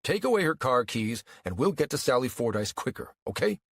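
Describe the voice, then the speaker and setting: A man's voice: mid-range voice, big pitch swings, fairly quick, breathy edge, dry recording. A man narrating an audiobook voices a harried small-town police officer, clipped, impatient and firm. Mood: curt.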